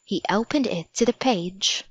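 A woman reading a children's storybook aloud in a gentle, measured way. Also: mid-range voice, breathy edge, no echo. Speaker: narrator. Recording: dry, slightly dull audiobook recording.

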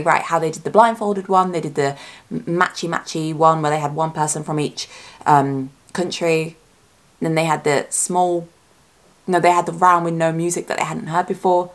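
A woman talking casually as a YouTuber reacting to a trailer, chatty and excitable, thinking aloud and correcting herself as she goes. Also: on the low side. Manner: speculative fan talk, often self-correcting.

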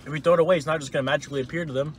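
A man's voice: on the high side, fairly even intonation, very fast, a little hiss or hum. A young man co-hosting a casual food review while eating inside a parked car, blunt and teasing. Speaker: podcast co-host doing a food review.

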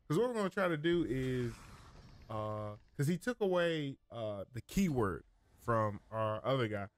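A man's voice: mid-range voice, no echo, studio quality. A man giving casual gameplay commentary as a streamer, thinking aloud, rambling and often correcting himself mid-sentence.

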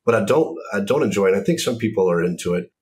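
A man talking as an author in a casual discussion, thoughtful and measured, with frequent pauses and ums. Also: on the low side, animated, a little mellow. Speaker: author and series creator.

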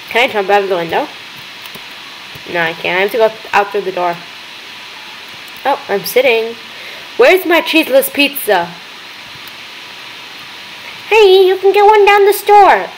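A young woman hosting a gaming video, chattering excitedly as she plays and talking to the characters on screen. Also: on the high side, slight background noise, low-quality recording. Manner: excitable, gasping, talks to game characters. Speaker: gaming channel host. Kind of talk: let's-play commentary.

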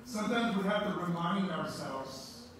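A man's voice: high-pitched, expressive, measured pace, noisy background. A man preaching a sermon, emphatic, repeating key words for stress. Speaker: pastor. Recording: echoey room, voice from far off.

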